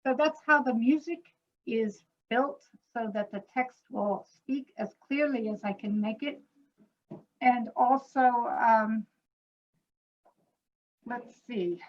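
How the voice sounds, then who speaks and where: Woman composer explaining on a lo-fi video call. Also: a little high. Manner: illustrates points by speaking words slowly. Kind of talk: explanatory panel talk. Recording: dull lo-fi video call audio.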